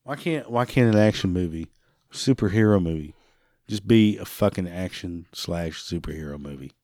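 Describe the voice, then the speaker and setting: A man's voice: deep voice, normal speed, warm tone, dry recording, clean studio sound. A man hosting a talk show, delivering an angry rant full of swearing, sometimes breaking into laughter. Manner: angry, swearing heavily, laughing between lines. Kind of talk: profane rant.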